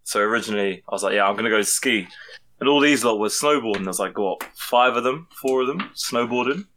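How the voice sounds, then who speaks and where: A man's voice: mid-range voice, a little fast, a bit bright, a little hiss or hum. A young man, a podcast co-host animatedly telling a story among friends, swearing and laughing as he goes.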